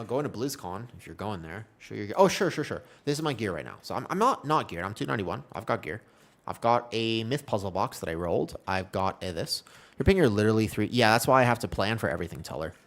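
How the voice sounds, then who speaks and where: A man's voice: fairly low pitch, a bit bright. A young man chatting casually as a gaming streamer, rambling and joking.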